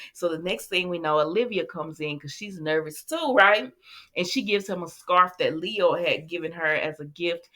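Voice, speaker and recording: Casting: woman, soap recap host, chatty and animated, a touch low-pitched. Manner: chatty, animated retelling with asides to viewers. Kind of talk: casual recap chat.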